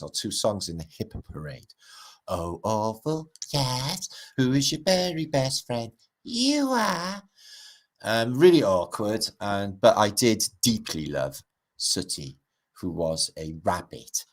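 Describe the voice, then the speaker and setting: A middle-aged man, rambling and swearing through a casual livestream chat as its host. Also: low voice. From Britain.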